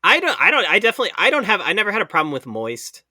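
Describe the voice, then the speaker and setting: A man co-hosting a casual podcast, throwing in quick wisecracks. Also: high voice, huge pitch swings, bright, forceful tone, no room sound, studio quality. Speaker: podcast co-host.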